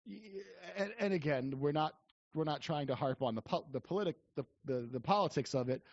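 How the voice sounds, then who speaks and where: A man's voice: on the high side, brisk, darkish tone, dry recording. A man co-hosting a podcast, chatting casually about politics with many restarts and fillers. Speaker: podcast co-host. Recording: dry, dull lo-fi sound.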